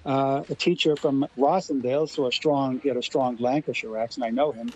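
A man's voice: medium pitch, steady tone, a little fast, a little mellow, rough recording. A man from Los Angeles, a radio guest, arguing his points articulately. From Los Angeles, USA. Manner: articulate, argumentative. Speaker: guest commentator. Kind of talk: radio discussion.

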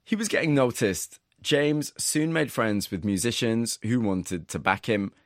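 A man narrating and interviewing in a calm, measured, scripted way. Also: mid-range voice, no room sound, clean studio sound.

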